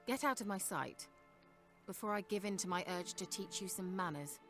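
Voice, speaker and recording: An actress playing a scheming, flirtatious adult sorceress in video game dialogue, teasing and condescending. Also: female voice, mid-range voice, expressive, normal speed, lightly acted. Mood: haughty. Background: game music.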